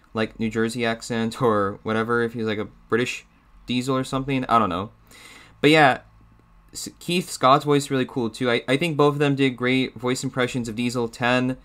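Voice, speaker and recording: A man talks casually to his viewers, rambling and hesitating with lots of fillers. His voice is smooth and clear at a middle pitch. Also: steady tone, moderate pace, a bit bright. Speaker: YouTuber. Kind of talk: casual chat.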